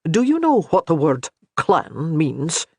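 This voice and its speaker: A man reading as a kindly old Highland priest who reassures with light humor. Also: wildly swooping pitch, slow pace, a little mellow, no echo, full character voice. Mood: reassuring.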